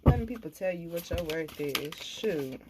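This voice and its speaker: A woman giving a tarot reading in a casual, blunt and profane way, telling animated stories and speaking. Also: fairly low pitch, normal speed, very noisy. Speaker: tarot reader.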